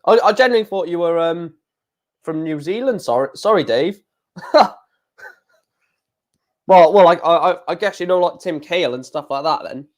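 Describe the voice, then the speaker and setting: A man's voice: a little high, expressive, normal speed, pauses often. A man, casually chatting on a live darts stream, reading out viewer comments in a blunt, frequently swearing way.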